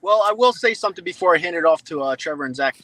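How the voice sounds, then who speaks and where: Host, male, fired-up fan ranter with a high, bright, cutting voice, swears freely. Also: lively intonation, fast talker, no echo, low-quality recording. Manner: frustrated ranting, swears often. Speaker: show host. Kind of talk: heated sports fan podcast.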